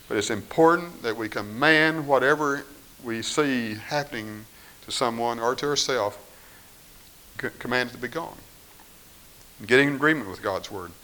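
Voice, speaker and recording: Preacher, male, bright edge, dips quiet then rises loud, mid-pitched. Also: poor audio. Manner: shifts between quiet firmness and raised, pleading voices. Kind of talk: sermon.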